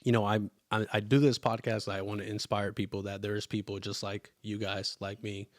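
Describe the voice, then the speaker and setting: Young guy on a podcast, earnest, kinda halting, low flat voice, dry room. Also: no echo. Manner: earnest, halting, emotional storytelling. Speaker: podcast host. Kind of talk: casual chat.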